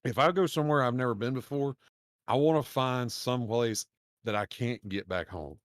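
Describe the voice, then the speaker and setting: A man's voice: medium pitch, normal speed, no room sound, studio quality. A man, a podcast co-host telling a long story in rambling, profane casual chat. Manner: rambling, profane, laughs while telling stories.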